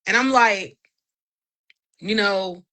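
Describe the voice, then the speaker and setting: Woman in her 30s, bright voice, telling a story all animated, doing the voices of people she quotes. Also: mid-range voice, slow pace. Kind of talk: casual testimony storytelling.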